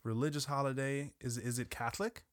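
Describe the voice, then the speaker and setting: A mid-pitched man trades crude jokes in casual podcast talk. He is brash and offhand. His voice is dry and close to the mic. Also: steady tone, a little fast, dry recording. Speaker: podcast co-host. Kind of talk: casual chat.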